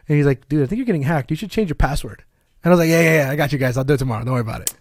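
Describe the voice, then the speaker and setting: Fast-talking man telling a story. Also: mid-range voice, no echo, studio quality. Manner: fast, animated storytelling with swearing and laughter. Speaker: podcast co-host. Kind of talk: casual chat among friends.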